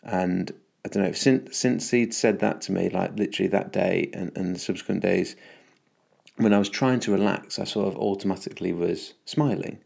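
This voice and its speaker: A man's voice: low-pitched, moderate pace, creaky, a little mellow. A man hosting a casual solo podcast, upbeat and rambling, with lots of fillers and restarts. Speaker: podcast host.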